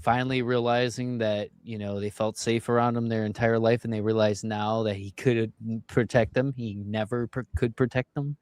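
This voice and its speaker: A man's voice: medium pitch, normal speed, hardly any pauses, clean tone, dry recording. Dry-sounding male comedian chatting. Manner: relaxed, profane storytelling. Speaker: stand-up comedian, podcast co-host. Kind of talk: casual chat.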